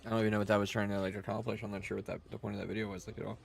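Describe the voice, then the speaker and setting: A man's voice: on the low side, level tone, very fast, gravelly. A man giving casual, puzzled commentary while reacting to videos.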